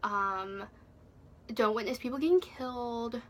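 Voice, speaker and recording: A woman's voice: on the high side, a little slow. A young woman telling a storytime vlog, breathless and swearing, with "like" in nearly every line. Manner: breathless, swearing, heavy use of "like". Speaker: vlogger.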